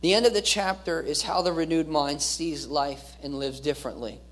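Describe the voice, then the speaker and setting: A man's voice: a little high, animated, normal speed, hardly any pauses. A male pastor giving an earnest sermon, repeating key phrases and restarting his words as he preaches.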